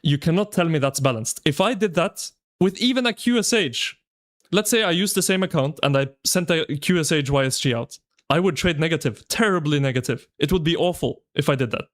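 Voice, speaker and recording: A man streaming live, chatting with his viewers in an excitable, slangy, ranting way. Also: a little high, fairly quick. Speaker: game streamer. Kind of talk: casual live-stream commentary.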